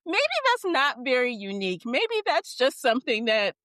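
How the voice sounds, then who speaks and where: Woman co-host, animated storyteller who acts out dialogue; bright tone, close dry mic. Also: on the high side, normal speed, dry recording. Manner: animated storyteller, acts out quotes, swears and laughs. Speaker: podcast co-host. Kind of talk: casual book chat.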